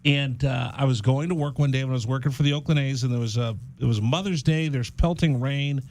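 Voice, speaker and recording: A man hosting a casual radio talk show, telling a story in an animated way in a studio. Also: medium pitch, a little fast, no echo. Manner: animated storyteller, acts out quoted voices.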